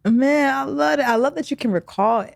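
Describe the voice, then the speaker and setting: A woman's voice: high-pitched, moderate pace, creaky, no echo, studio quality. A woman hosting a casual interview, playful and encouraging, often cutting in with reactions. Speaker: podcast host.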